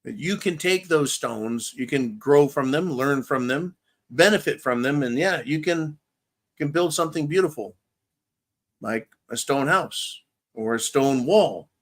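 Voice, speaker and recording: A man's voice: mid-range voice, lively intonation, unhurried. A man hosting a live-stream show, talking bluntly and profanely in a casual rant, a little tongue-tied after a couple of drinks. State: slightly tipsy, tongue-tied. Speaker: livestream host.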